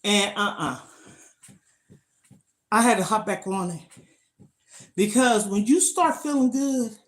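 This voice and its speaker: A woman's voice: medium pitch, expressive, slow. Chatty older woman motivating viewers. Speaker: lifestyle vlogger. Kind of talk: casual live-stream chat while exercising.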